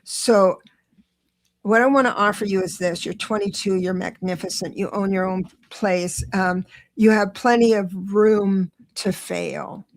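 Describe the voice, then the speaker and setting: A woman hosting a live-stream tarot reading, chatty and encouraging, talking quickly with many restarts. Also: mid-range voice, steady tone. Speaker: tarot reader and show host.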